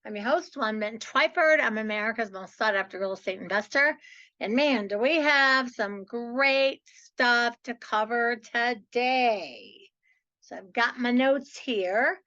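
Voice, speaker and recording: A woman's voice: on the high side, measured pace, sharp tone, lo-fi sound. A woman hosting her own podcast, talking in a chatty, enthusiastic way that is full of "like" and "so". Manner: chatty, enthusiastic, says "like" and "so" often. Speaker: podcast host. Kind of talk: upbeat podcast monologue.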